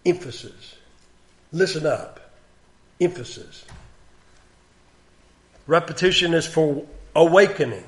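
A man's voice: on the high side, animated, slow, pauses often. A man preaching a sermon in a plain conversational way, repeating key words for emphasis.

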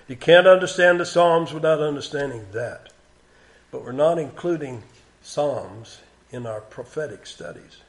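Plainspoken male preacher, somewhat high voice. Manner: plain conversational preaching, repeats words for emphasis. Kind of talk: sermon.

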